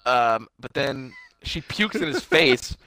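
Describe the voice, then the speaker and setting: Bright-voiced man retelling a movie plot. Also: mid-range voice, huge pitch swings, takes it slowly, gravelly, no room sound. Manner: retells plot with quoted lines, swearing. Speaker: podcast co-host. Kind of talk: casual movie review chat.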